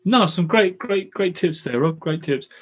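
High lively male podcast host. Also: a little slow, slightly rough. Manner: brief encouraging interjections.

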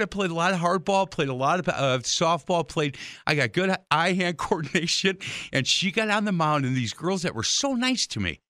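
Bright-voiced chatty male host. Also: a little high, very animated, normal speed, no echo, clean studio sound. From Irish heritage. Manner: chatty, storytelling, many restarts. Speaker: show host. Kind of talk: casual interview chat.

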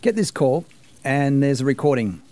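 A man in his fifties co-hosting a radio show, telling a story in a relaxed way with fillers. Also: mid-range voice, moderate pace. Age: 50s. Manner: relaxed, frequent fillers and backchannel agreement. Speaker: radio host. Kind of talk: casual radio chat.

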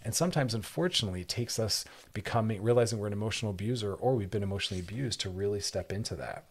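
A man with a lowish voice talks quickly on a radio advice show. He explains relationship issues in an earnest, emphatic way and repeats words to drive his point home. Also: husky. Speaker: radio show host and therapist. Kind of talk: advice talk show monologue.

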